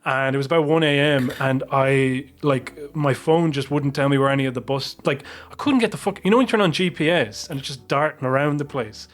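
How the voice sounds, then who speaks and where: A man's voice: mid-range voice, a little fast, hardly any pauses. Rambling man telling a story. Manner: rambling anecdotal storytelling with frequent swearing. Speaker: podcast co-host. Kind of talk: casual podcast chat.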